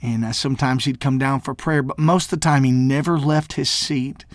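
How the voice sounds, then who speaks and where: A man from Mississippi who serves as a minister, sharing a personal testimony in a halting way, with many fillers and restarts, and growing emotional and tearful at times. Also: medium pitch, no room sound, clean studio sound.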